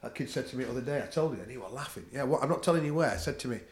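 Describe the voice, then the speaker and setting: Blunt northern english bloke, middle-aged, swears a lot, echoey room. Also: male voice, medium pitch, expressive, racing. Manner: blunt, swears freely, laughs at own stories. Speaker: podcast guest, jiu-jitsu practitioner. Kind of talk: casual chat.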